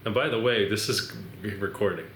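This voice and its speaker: A man hosts a casual podcast, loose and joking, sometimes reading prepared lines aloud. His voice sits on the low side. The room is echoey, with a faint hiss underneath. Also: moderate pace, fairly bright tone. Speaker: podcast host, sports mental coach. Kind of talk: casual chat.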